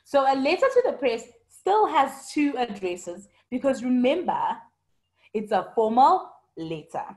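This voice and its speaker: A woman's voice: high voice, big pitch swings, a little slow, a little mellow. A woman teacher giving an online lesson, patiently explaining and answering students by name. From South Africa.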